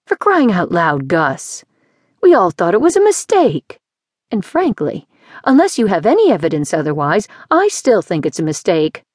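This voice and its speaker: A woman's voice: on the low side, huge pitch swings, normal speed, husky, no room sound, clean studio sound, heavily acted. A woman voicing a bossy, scolding island lady. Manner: scolding, emphatic.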